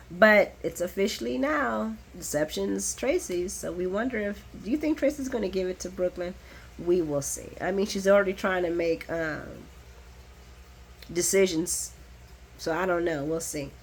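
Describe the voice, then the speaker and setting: A woman giving a casual, animated recap of a soap opera, chatty and blunt, laughing often and swearing freely. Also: lowish voice, slightly rough.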